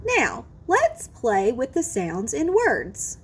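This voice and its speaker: A kindergarten teacher, a woman, talks slowly and gently, stretching each sound so small children can follow. Her voice sits high and bounces around with lots of melody. A soft, slightly breathy edge runs through it. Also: wildly swooping pitch. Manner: drawn-out, exaggerated sounding out of words, sing-song encouragement. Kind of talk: slow, careful phonics lesson for young children.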